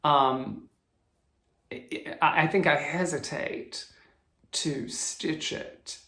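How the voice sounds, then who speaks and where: A man's voice: a little high, sharp tone. A man with a Southern US accent, chatting casually about his cross-stitch projects, stopping and restarting his sentences often. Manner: halting, with frequent restarts and self-corrections. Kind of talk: casual show-and-tell chat. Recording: roomy echo.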